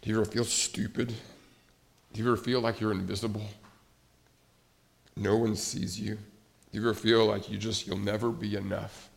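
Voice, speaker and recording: A pastor preaching a conversational sermon, pausing often with fillers and restarts. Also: male voice, fairly low pitch, flat delivery, gravelly. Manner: conversational, hesitant with many fillers.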